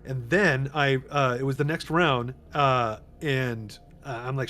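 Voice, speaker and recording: A man narrating as game master of a tabletop game, relaxed and chatty, with frequent fillers. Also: mid-range voice, measured pace, hardly any pauses, slight background noise.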